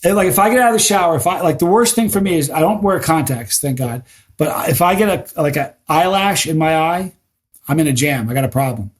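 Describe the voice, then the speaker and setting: Animated man telling stories. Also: fairly high pitch, brisk. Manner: animated storyteller with frequent restarts. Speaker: guest, spicy food challenge creator. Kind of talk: casual podcast conversation.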